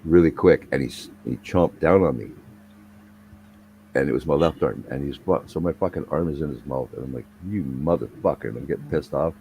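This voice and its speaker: Very deep-voiced man telling a story. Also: fairly quick, dark tone, slight background noise, low-quality recording. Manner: profane, rambling anecdotal delivery. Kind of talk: casual storytelling chat.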